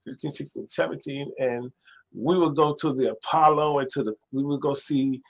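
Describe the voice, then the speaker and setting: A man, a librarian telling stories as a guest in a casual interview, animated and acting out other people's voices. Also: mid-range voice, moderate pace, creaky, poor audio. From New York City. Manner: animated storyteller, acts out quoted voices.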